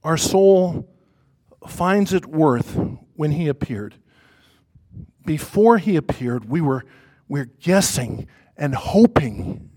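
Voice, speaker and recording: A man preaching a sermon to a congregation in church, emphatic and repetitive, swinging from loud stress to hushed quiet. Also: fairly high pitch, expressive, slow.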